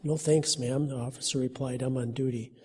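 A man's voice: mid-range voice, steady tone, fairly quick, a little mellow, husky. A man preaching a sermon in an earnest, conversational way, then reading a story aloud and lightly voicing its characters.

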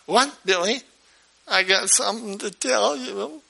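A man putting on a gentle old grandmother, high and soft-spoken, with a bright, sharp edge to the voice. she is kind and patient as she talks in this told story. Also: measured pace, gravelly, breathy edge, full character voice. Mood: tender.

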